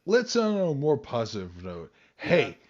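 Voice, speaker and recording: A man chatting casually on a podcast, retelling things with lively swings and fillers. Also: mid-range voice, a little slow, dull audio. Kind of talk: casual chat.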